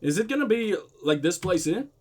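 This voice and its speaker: Guy voicing a blunt pushy detective, lively voice. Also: sits high, brisk. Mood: pressing, impatient. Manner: blunt, probing, exasperated. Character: blunt, impatient male police detective.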